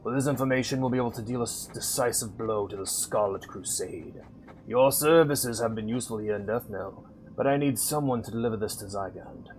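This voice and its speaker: A man reading as a brisk undead officer. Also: lowish voice, a little mellow, a little hiss or hum, natural voice. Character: undead male officer giving orders.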